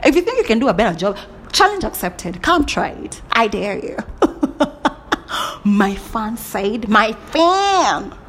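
A woman speaks in a theatrical, motivational monologue, taking her time over each phrase. She slides from hushed whispers into loud bursts and laughs at herself along the way. A faint background hiss sits under her voice. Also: a little high, big pitch swings, unhurried, long pauses.

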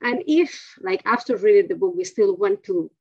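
Gravelly woman interviewer, lo-fi sound. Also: mid-range voice, animated, moderate pace, a little mellow, no echo. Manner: encouraging, many short affirmations. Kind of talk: casual interview talk. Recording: dull lo-fi dry sound.

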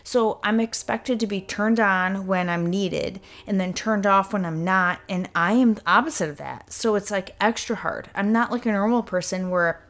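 A woman hosts her own podcast in a mid-range, slightly bright voice at a moderate pace with hardly any pauses. The solo talk is casual, rambling, and self-interrupting, and she swears freely.

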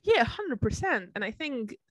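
A woman co-hosting a podcast in relaxed casual chat and steering the topic. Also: on the high side, a little slow, no echo. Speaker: podcast co-host.

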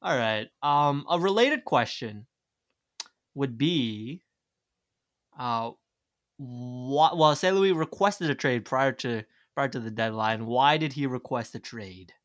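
A man's voice: mid-range voice, expressive, slow, a bit bright. A young man hosting a casual podcast quiz, laid-back and a bit profane. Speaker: podcast host, quizmaster.

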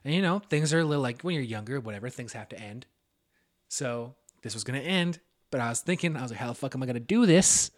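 A young man co-hosting a podcast, telling a story in relaxed casual chat and swearing now and then. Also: medium pitch, quick pace. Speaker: podcast co-host.

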